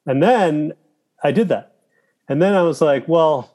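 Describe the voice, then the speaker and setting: A man talking as a guest in a casual interview, telling animated stories with profanity and quoting his own thoughts aloud. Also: on the high side, measured pace. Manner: animated storytelling with profanity and quoted inner thoughts. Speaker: guest, filmmaker and actor.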